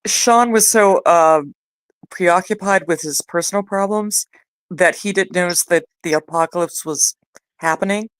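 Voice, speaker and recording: A woman's voice: lowish voice, unhurried, no room sound. A woman in a casual group chat, talking hesitantly and trailing off mid-thought. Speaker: panel participant.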